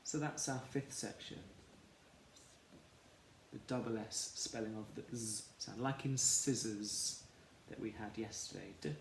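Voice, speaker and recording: Male teacher, slow, deliberate sounding-out of words for young learners, echoey room, faint background hum. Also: on the low side, steady tone, creaky. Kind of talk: phonics lesson for children.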